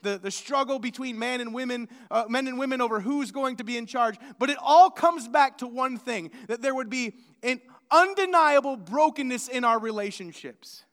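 A man's voice: extremely high pitch, moderate pace, hardly any pauses. A man preaching a sermon as pastor, telling stories animatedly and acting out quoted voices. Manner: storytelling, animated with acted-out quotes. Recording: long hall reverb.

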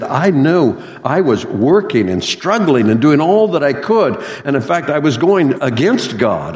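A male pastor delivers an earnest sermon, leaning into key phrases with rising emphasis. His mid-range voice rings out with a long reverb in a church sanctuary. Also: medium pitch. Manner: earnest, reads aloud a testimony and scripture with swelling emphasis.

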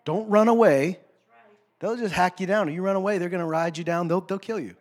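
Guy preaching a sermon, high voice, goes from quiet to shouting, mocks whiny excuses in a low voice. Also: brisk. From North America. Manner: impassioned, swings from hushed to shouting; acts out quoted complaints in a low mocking voice. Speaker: pastor.

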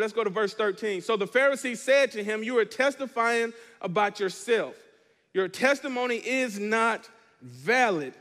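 High-voiced pastor preaching in a hall. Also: male voice, fairly bright tone. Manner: preaching, asks the congregation to respond. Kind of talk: sermon. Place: church.

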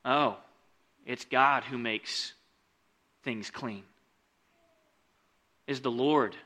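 A man preaching a casual sermon, reading scripture aloud and explaining it conversationally, with lots of "like" and "right?" asides, swinging between loud emphasis and quiet lowered asides. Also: fairly even intonation, extremely slow.

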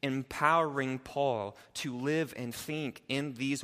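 A man's voice: medium pitch, steady tone, fairly bright tone. Man preaching in an echoey hall. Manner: preaching with rising emphasis and quick asides. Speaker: pastor. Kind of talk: sermon. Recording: long reverb of a large hall.

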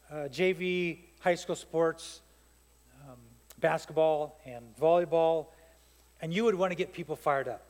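A man preaching a sermon as pastor, telling stories in an animated way that builds to fired-up peaks. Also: sits high. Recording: long hall reverb.

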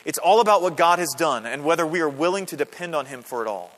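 High-voiced pastor preaching in a reverberant hall. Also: male voice, lively intonation, quick pace, fairly bright tone. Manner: conversational preaching, asks the congregation questions; builds to emphatic, rising climaxes. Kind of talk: sermon. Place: church sanctuary. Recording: long reverb of a church hall.

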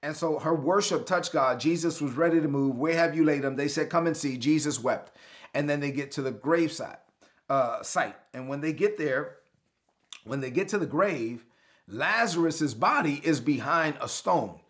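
A man's voice: lively intonation, moderate pace, a bit bright. A male pastor preaching an online sermon, calling on listeners to respond and act out the story. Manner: preaching, calls for responses, builds in pitch and intensity.

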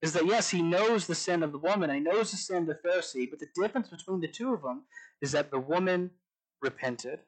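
A man's voice: a little high, fast talker, rough recording. A young man giving a sermon in a conversational way, stumbling over restarts as he reads and questions scripture aloud. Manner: conversational with frequent restarts and asides. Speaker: preacher.

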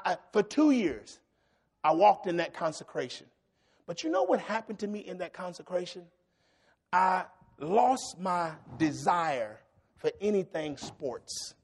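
Middle-aged male preacher, gravelly and high, animated storyteller who works the congregation. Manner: animated storytelling, shouting at peaks, call-and-response with congregation. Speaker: pastor. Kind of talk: sermon.

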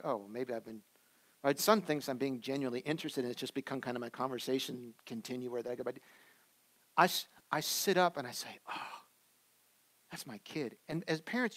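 A man in his thirties, a pastor preaching a sermon in a conversational way, swinging between loud emphatic lines and soft, quiet asides. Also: medium pitch, a little fast.

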